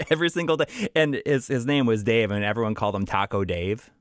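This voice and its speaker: A man's voice: mid-range voice, a little fast, dry recording, studio quality. A man co-hosting a podcast in casual chat, rambling with restarts and laughing easily. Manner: rambling, many restarts and fillers. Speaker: podcast co-host.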